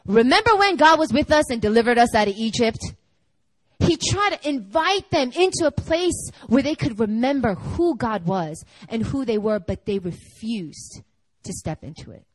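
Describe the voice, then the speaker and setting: Chatty, lively woman preacher. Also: fairly high pitch, normal speed, no echo, rough recording. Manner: chatty, animated, peppered with "like" and laughter. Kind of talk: conversational sermon with storytelling.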